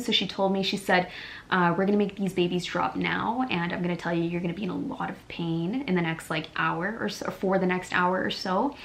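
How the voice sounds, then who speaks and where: Young woman vlogger, lowish voice, chatty storytelling with faint background hiss. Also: fairly quick, creaky. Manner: chatty, animated, many "like" fillers. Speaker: beauty vlogger. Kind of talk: casual storytelling vlog.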